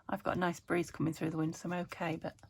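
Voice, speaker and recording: A British woman hosting a craft channel, chatting casually as she works, talking to her materials with murmured asides and a slightly croaky voice. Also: lowish voice, level tone, fast, slight background noise. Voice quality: a bit croaky. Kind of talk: casual chat while crafting.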